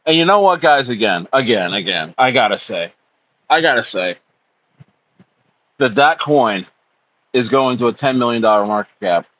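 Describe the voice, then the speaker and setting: A young man chatting casually on a livestream, excitable and rambling, calling his viewers bro and dude. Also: medium pitch, moderate pace, pauses often, muffled recording. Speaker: crypto livestreamer.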